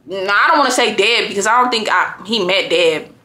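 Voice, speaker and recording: A young woman telling a story to her viewers in a blunt, animated rant full of swearing. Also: mid-range voice, brisk. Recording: echoey room.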